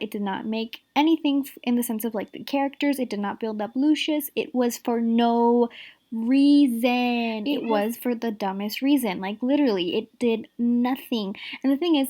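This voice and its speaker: A woman's voice: a little high, darkish tone. A woman giving a casual, exasperated opinion rant about a show, filling her talk with "like" and "the thing is". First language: Spanish. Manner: exasperated, rapid, repeats "like" and "the thing is". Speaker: show reviewer.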